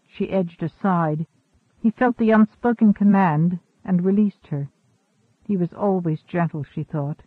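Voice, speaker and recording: A man reads a novel aloud in a steady, even narrator's voice. His voice sits high and comes through a tinny, phone-like band. The recording is dry. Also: measured pace, no room sound. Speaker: audiobook narrator. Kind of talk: scripted narration.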